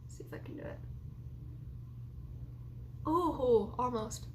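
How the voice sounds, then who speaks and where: A young woman in her late teens chats her way through a casual vlog, rambling from one thought to the next and laughing often along the way. Her voice sits a little high, with a faint hiss of noise under it. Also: lively intonation, slow pace, darkish tone. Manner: rambling, chatty, laughs often between remarks. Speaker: vlogger.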